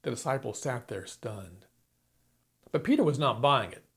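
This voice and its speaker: A man's voice: mid-range voice, expressive, moderate pace, vocal fry, fairly bright tone, breathy edge. A man preaching a sermon, retelling a story dramatically and acting out the quoted lines. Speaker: pastor.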